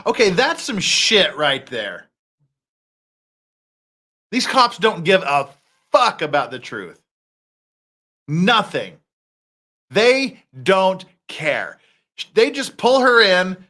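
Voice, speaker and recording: A man hosting a reaction commentary rants heatedly and swears a lot in a high voice. He speaks extremely slowly and pauses often, yet the ranting stays animated and profane.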